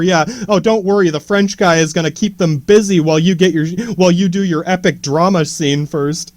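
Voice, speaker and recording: A man's voice: high voice, brisk, hardly any pauses, dry recording, studio quality. A man hosting a podcast, ranting sarcastically and rambling with heavy swearing. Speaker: podcast host. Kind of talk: casual profane rant.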